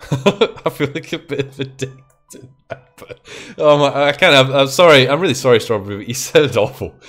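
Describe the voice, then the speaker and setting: A man's voice: medium pitch, moderate pace, a bit bright, faint music behind. A young man hosting a game stream, chatting and teasing a guest in a casual, joking way. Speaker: streamer host. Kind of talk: casual gameplay chat.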